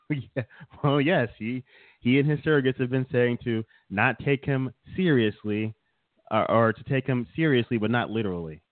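A man's voice: mid-range voice, moderate pace, no room sound. A man co-hosting a casual comedic chat show, rambling and teasing his co-host with frequent chuckles. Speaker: podcast co-host. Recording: dry, tinny phone-like sound.

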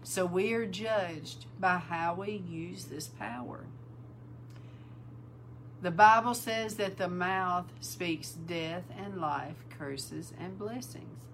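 A woman preaching an informal sermon, calling her listeners bride and repeating words for emphasis, sometimes breaking into loud exclaims. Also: lowish voice, slow, a little hiss or hum, poor audio.

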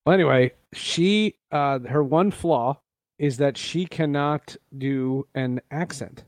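A man's voice: mid-range voice, takes it slowly, no room sound. A man co-hosting a podcast in casual chat, telling stories with a joking manner. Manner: joking storyteller. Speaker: podcast co-host.

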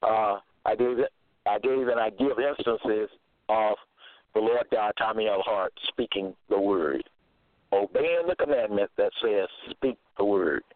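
A man delivers a scripture teaching at a slow, measured pace, repeating key phrases and pausing to check in. His voice sits at an ordinary middle pitch. It comes through a thin, phone-like line with a dry, close sound and no room echo. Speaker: preacher.

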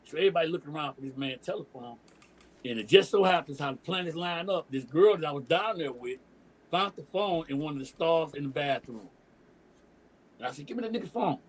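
A middle-aged DJ and emcee from Detroit holds the floor as a podcast guest, spinning a long tale in loose street slang. His voice sits a bit high for a man and has a husky, slightly rough grain. He jumps into the voices of the people he quotes as he goes. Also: brisk, poor audio. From Detroit, USA. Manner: animated storyteller, profane slang, acts out quoted dialogue. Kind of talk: casual storytelling interview.

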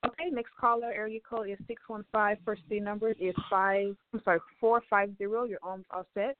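A woman co-host announces callers in a brisk, matter-of-fact way. Her mid-pitched voice sounds thin and phone-like, dry and close. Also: fairly even intonation, dry recording. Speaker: radio co-host screening calls. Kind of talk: call-in radio announcing.

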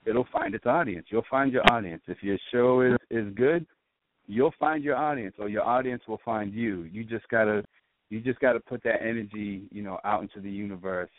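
A man with a Boston accent, a guest chatting casually in an interview, relaxed and rambling with frequent restarts. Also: fairly low pitch, normal speed. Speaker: guest, radio show host. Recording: tinny phone-like line.

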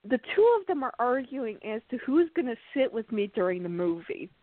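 A woman's voice: fairly high pitch, normal speed, no echo. A woman host telling a funny personal story in a casual way, often laughing as she talks. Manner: animated, laughs through her story. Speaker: podcast host. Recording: tinny phone-like line, dry.

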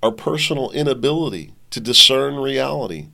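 A man's voice: medium pitch, animated, normal speed, vocal fry, pushed and bright. A man hosting a commentary show, reading an article aloud and riffing on it in a rambling way. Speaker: podcast host. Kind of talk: political commentary monologue.

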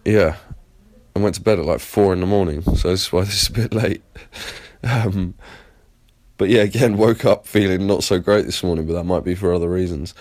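A man's voice: low voice, fairly quick, a little mellow, no room sound. An English man from Plymouth rambling through a casual, sweary audio diary as host. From Plymouth, England. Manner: rambling, sweary, enthusiastic storytelling. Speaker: podcast host.

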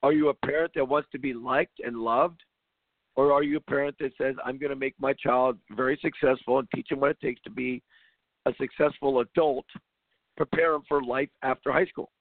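A man who coaches basketball hosts a loose, emphatic monologue, often circling back and restarting his sentences. His voice is rough and gravelly. It comes through a thin, phone-like line with a dry, close sound. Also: medium pitch, fairly even intonation, normal speed, no echo. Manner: rambling, emphatic, frequent restarts. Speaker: basketball coach and show host. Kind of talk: casual monologue.

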